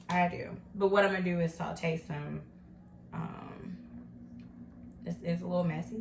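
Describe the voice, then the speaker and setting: A woman's voice: lowish voice, fairly even intonation, unhurried, vocal fry, pauses often. A woman hosting her own home cooking show, chatting in an upbeat way and talking straight to her viewers as she cooks in her kitchen. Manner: chatty and upbeat, talks to viewers as "you guys". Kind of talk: casual cooking vlog chat. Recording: echoey room with noticeable background noise.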